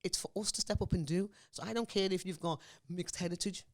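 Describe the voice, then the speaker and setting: Scouse woman in her forties, interview guest, rapid and emphatic, keeps checking the listener follows. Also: fairly low pitch. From Liverpool, England. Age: 40s. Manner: emphatic, forthright, often asks "you understand me?". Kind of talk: impassioned interview talk.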